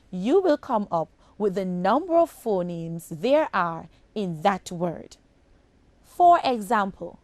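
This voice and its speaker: A woman teaching a phonics lesson to children on broadcast television, speaking slowly and enunciating each sound with care. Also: medium pitch, no room sound. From Jamaica. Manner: slow, deliberate, clearly enunciated.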